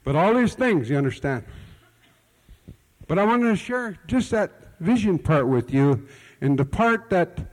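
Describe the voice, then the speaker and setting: A man's voice: high-pitched, sing-song, unhurried, long pauses. A man preaching a sermon in a folksy, conversational storytelling manner, often repeating words, with nonstandard grammar. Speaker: pastor. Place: church hall. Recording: long hall reverb.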